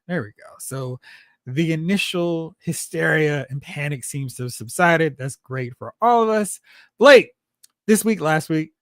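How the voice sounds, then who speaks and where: A man hosting a toy collecting live stream, chatting casually and excitedly while reading viewer comments aloud. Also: fairly high pitch, dry recording, studio quality. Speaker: host of a toy collecting show.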